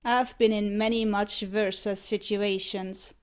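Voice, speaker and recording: A woman's voice: medium pitch, level tone, a little slow, close to an everyday voice. Woman doing jolly rogue Ginger. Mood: jovial. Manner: breezy dialect speech. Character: jolly greedy male dog-thief rogue. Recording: muffled lo-fi audiobook recording.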